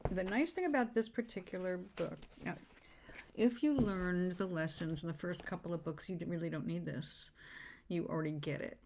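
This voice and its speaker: A woman's voice: lowish voice, slight background noise. A woman giving a casual self-help talk, chatty and informal, with fillers and the odd swear word.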